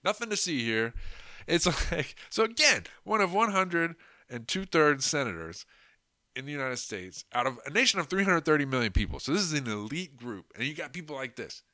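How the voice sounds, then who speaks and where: A man's voice: on the high side, sing-song, brisk, bright, forceful tone, no echo, studio quality. A man hosting a podcast, talking in a rambling, crude, mocking way with lots of fillers. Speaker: podcast host. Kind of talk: casual political commentary.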